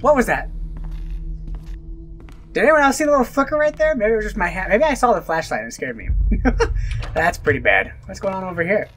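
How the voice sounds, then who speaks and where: A man's voice: sits high, very animated, a little fast, pauses often, a bit bright, soft background music. A man hosting a horror let's play, joking and exclaiming as he reacts to the game. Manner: jumpy, exclaiming and joking at the screen. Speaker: gaming video host.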